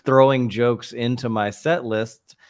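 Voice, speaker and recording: A man's voice: mid-range voice, fairly even intonation, slow. A man co-hosting a comedy podcast, chatting casually and laughing easily. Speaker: podcast co-host.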